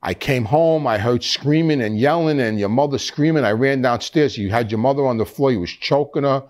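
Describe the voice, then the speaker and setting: A man's voice: mid-range voice, fairly quick, a little mellow. A man in his sixties, a guest in an interview, rambling through a story with many restarts. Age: 60s. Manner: rambling, frequent restarts, acts out quoted voices.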